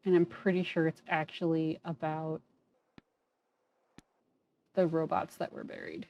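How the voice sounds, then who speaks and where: A woman's voice: deep voice, little pitch movement, a little slow, dull audio. A woman casually commenting while playing a story game, chatty, wry and self-deprecating. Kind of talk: casual let's-play commentary and character reading.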